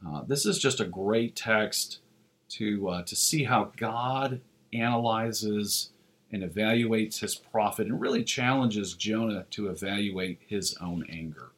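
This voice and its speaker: A man's voice: lowish voice, fairly bright tone. Earnest male pastor preaching a sermon. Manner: earnest preaching, slows for emphasis, frequent "uh" fillers.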